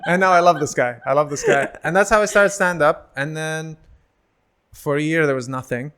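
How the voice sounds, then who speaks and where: A man in his thirties from the United Arab Emirates, a comedian guesting on a podcast, telling stories in a casual, animated way and acting out what people said. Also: on the high side, normal speed, smooth. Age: 30s. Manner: animated, acts out quoted voices in bursts.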